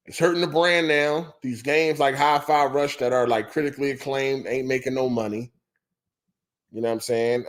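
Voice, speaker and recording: A man hosting a gaming podcast livestream, talking on a headset in a loose, profane rant and repeating his points. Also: mid-range voice. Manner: profane, ranting, repeats himself. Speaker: podcast host. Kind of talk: casual livestream chat.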